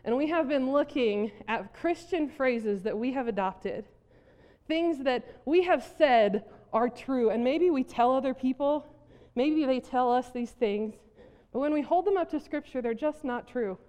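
Woman pastor, high voice, lively storytelling sermon, long hall reverb. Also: unhurried. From South Dakota. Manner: animated storytelling with frequent laughs. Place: church hall.

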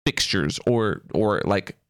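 A man's voice: on the low side, lively intonation, slow pace, no room sound, studio quality. A man co-hosting a podcast in casual, teasing banter. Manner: teasing, playful, puts on silly voices. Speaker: podcast co-host.

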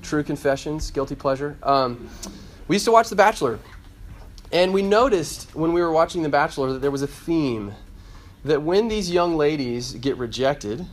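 A man's voice: on the high side, expressive, moderate pace, slight background noise. A man in his thirties preaching a conversational sermon to a student group, often repeating phrases. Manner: conversational, repeats himself, acts out quoted voices. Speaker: campus ministry preacher.

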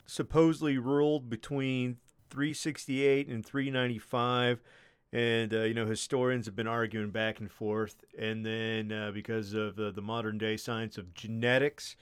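A man's voice: mid-range voice, flat delivery, a little slow, clean tone. A man hosting a podcast, casually telling a long story with lots of swearing and fillers. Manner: rambling, profane, many fillers. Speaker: podcast host.

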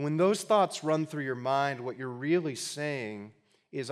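A male pastor delivers a sermon in a medium-pitched, animated, unhurried voice. He's conversational and emphatic with touches of humor, sometimes dropping into quiet, earnest appeals.

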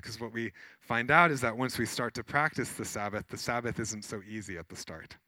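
A man, a pastor, preaching a sermon in a conversational, animated way with many fillers as he tells personal stories. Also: fairly low pitch, dry recording.

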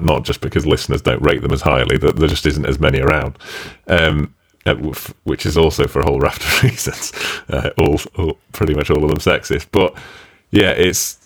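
A man's voice: extremely low pitch, slightly rough. A man co-hosting a podcast, rambling and sighing as he chats casually about films and music, with glitchy robotic-sounding audio. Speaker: podcast co-host. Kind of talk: casual film review chat.

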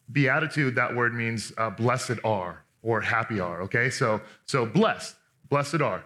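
A man preaching a sermon in an animated, conversational way, restarting often and acting out the people he quotes. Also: medium pitch. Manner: acts out quoted speakers in voices. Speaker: pastor.

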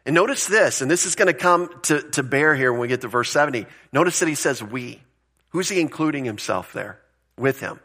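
A man's voice: mid-range voice, lively intonation, a little fast, sharp tone. A male pastor giving a conversational sermon, explaining word meanings and asking rhetorical questions, with the odd chuckle.

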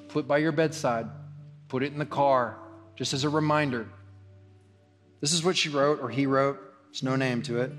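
A man's voice: mid-range voice, fairly bright tone. A man preaching a sermon as pastor, earnest and repetitive, his delivery swelling in intensity. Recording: long hall reverb with faint guitar music.

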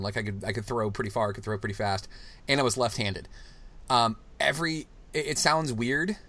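A man's voice: medium pitch, a bit bright. Rambling heartfelt man telling stories. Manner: rambling, heartfelt storytelling with many restarts. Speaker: podcast host. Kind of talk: casual chat.

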